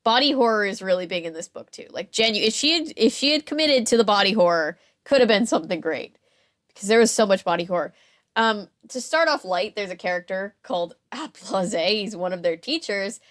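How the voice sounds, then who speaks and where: Woman, podcast co-host, casual and amused, lots of fillers and restarts, mid-pitched. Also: a little fast. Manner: chatty, full of fillers and restarts, lively and amused. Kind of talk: casual chat.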